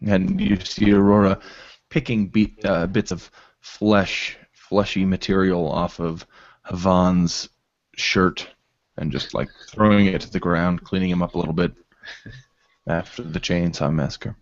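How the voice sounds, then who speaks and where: Player, male, unhurried, low voice; lo-fi dry recording. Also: steady tone, no room sound. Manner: slow, narrates his character's actions. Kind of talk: tabletop game play.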